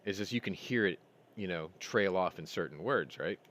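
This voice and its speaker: As host of a relaxed weekly chat show, this man spins long, wandering stories and voices both sides of the dialogue. His deep voice is animated and a bit bright, moving at a moderate pace over slight background noise.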